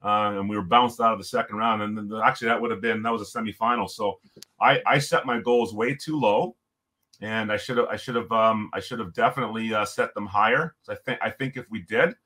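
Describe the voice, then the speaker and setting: Middle-aged man with a low voice, lively storyteller who chuckles often, podcast guest. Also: fairly quick. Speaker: podcast guest, former hockey coach. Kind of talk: storytelling in conversation.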